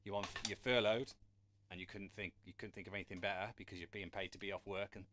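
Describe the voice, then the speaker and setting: Male drum tutor on a live stream, friendly and chatty, lowish voice, some distance from the mic. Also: steady tone, fast talker, fairly bright tone. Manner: chatty, encouraging, asks viewers for questions. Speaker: drum teacher. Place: room with a drum kit. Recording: drums and counting heard behind.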